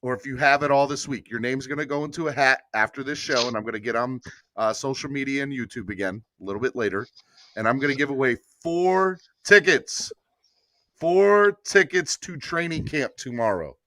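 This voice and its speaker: Bright-voiced man hosting a sports show. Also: fairly quick, no room sound. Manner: laughs often, pitches donations repeatedly. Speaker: podcast host. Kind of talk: casual sports talk show. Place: Baltimore area.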